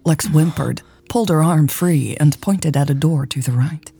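A woman narrating a romance story in a slow, soft, intimate way, with faint music behind. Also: deep voice, creaky, slightly rough, no room sound.

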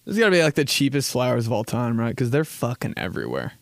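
A young podcast host chats in a casual, comedic way, rambling, swearing, joking, laughing a lot, and acting out quotes. He talks fast in a mid-range voice with huge pitch swings and vocal fry. There's no room sound.

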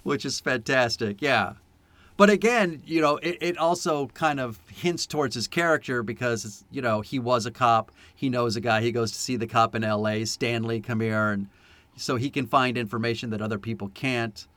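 A man co-hosting a podcast in casual chat, animated and laughing often as he acts out movie lines. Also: mid-range voice, normal speed, no room sound. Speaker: podcast co-host. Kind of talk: casual chat about a film.

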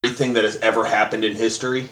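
A man's voice: on the low side, flat delivery, racing, fairly bright tone. A man co-hosting a casual podcast chat, ribbing and egging on his friends. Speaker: podcast co-host. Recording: roomy echo.

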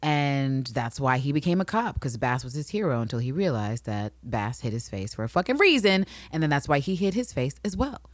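A woman's voice: a bass voice, animated, fairly quick, few pauses, dry recording, studio quality. A woman co-hosting a casual recap podcast, acting out characters with big swings in her voice. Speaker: podcast co-host.

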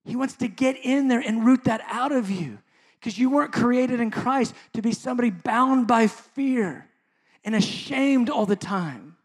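Man, pastor, high voice, impassioned sermon, middle-aged. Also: unhurried. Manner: impassioned preaching that drops to soft, intimate asides.

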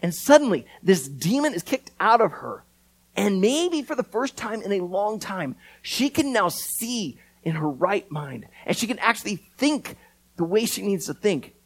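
A man preaching a sermon, animated and earnest, often repeating words as he starts a thought. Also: sits high, a little slow, poor audio. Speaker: pastor.

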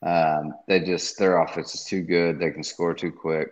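A man co-hosting a podcast, giving his betting picks slowly and hesitantly, with frequent restarts. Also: low-pitched, flat delivery, highs cut off. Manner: slow, hesitant, restarts often. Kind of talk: casual sports-betting chat.

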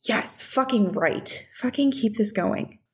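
A woman's voice: on the high side, expressive, slow pace, breathy edge, voice pushed up, exaggerated voice. A woman voicing a foul-mouthed young male hockey goalie who mumbles and curses under his breath. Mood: fired up.

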